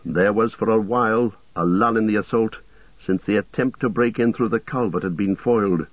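A man narrating an audiobook in a steady, measured way, over a tinny radio-like sound. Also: on the low side, no echo.

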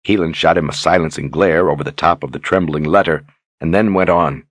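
A man narrating a fantasy audiobook in a steady, measured way. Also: extremely low pitch, no room sound, clean studio sound. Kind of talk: scripted narration.

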